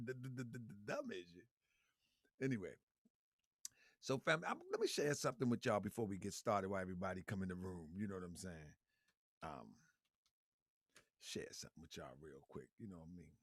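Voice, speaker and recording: A man's voice: low-pitched, expressive, brisk, long pauses, dry recording, clean studio sound. A man hosting a live stream, talking loosely to his viewers with frequent laughs, repeated phrases and calls of fam. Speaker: livestream show host. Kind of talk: casual livestream talk to viewers.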